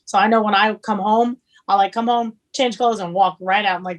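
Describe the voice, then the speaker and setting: A woman's voice: mid-range voice, fairly even intonation, normal speed, hardly any pauses. A young woman chef as a podcast guest, speaking candidly and casually, swearing now and then.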